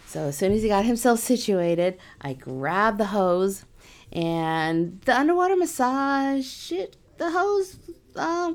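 A middle-aged woman, a massage therapist, telling a personal story casually, animated and self-mocking, with nervous laughs. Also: medium pitch.

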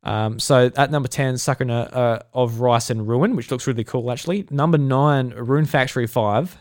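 A man's voice: medium pitch, moderate pace, no room sound, studio quality. A man with an Australian accent hosting a solo podcast in a casual, rambling way, full of fillers and restarts. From South Australia. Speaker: podcast host.

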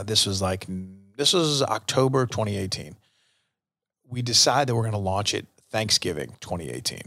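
A middle-aged man hosts his own show and talks through a personal story with casual earnestness, leaning on fillers as he goes. His voice sits fairly low, and the sound is dry and close with no room around it. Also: vocal fry, fairly bright tone, no room sound. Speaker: podcast host.

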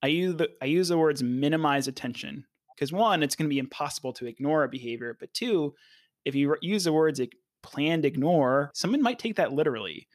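A man's voice: a little high, expressive, fast, no room sound. A man co-hosting a podcast, explaining in a casual, conversational way and often checking in with "right?". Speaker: podcast co-host, behavior analyst.

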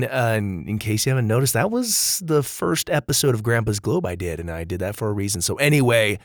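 A man hosting a children's story podcast, chatting casually and warmly to young listeners, upbeat and friendly, calling them dude and bud. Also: mid-range voice, dry recording, clean studio sound. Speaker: podcast host.

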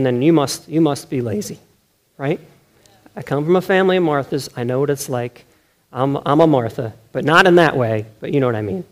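A man's voice: on the high side, brisk. A man preaching a sermon in a loose, conversational way, often checking in with the room and restarting his sentences. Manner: conversational, self-correcting, keeps asking "right?"; animated, laughs often. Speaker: pastor.

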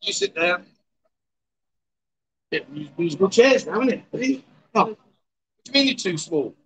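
A man's voice: high-pitched, animated, a little slow, a bit bright, low-quality recording. A man hosting a casual livestream chat show at a bar, teasing and coaxing his guests. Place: outdoor bar.

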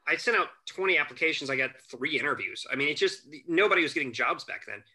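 A man with a very bright, forward voice and a slightly high pitch for a man, telling stories in a relaxed chat. He acts out the people he quotes and chuckles as he goes. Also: fast. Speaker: podcast guest, family lawyer. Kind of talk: casual storytelling chat.

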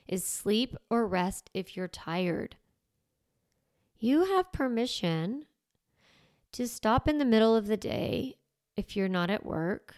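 A woman's voice: mid-range voice, clean tone. A middle-aged woman hosting a parenting podcast, giving casual advice and acting out little dialogues with a laugh. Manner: animated, acts out little dialogues, laughs often.

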